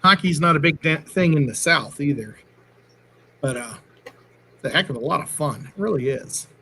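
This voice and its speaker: A man's voice: a little high, moderate pace, sharp tone, slight background noise. A middle-aged man co-hosting a livestream, telling rambling stories in casual chat. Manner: rambling, chatty storyteller. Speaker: livestream co-host.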